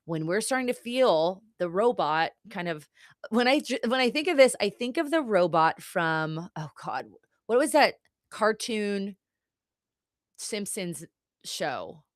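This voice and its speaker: A woman's voice: medium pitch, big pitch swings, measured pace, no room sound, studio quality. A woman hosting a live-streamed podcast as a therapist, chatty and rambling, laughing often and swearing casually. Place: home setup on a live stream. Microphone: computer mic on a video stream.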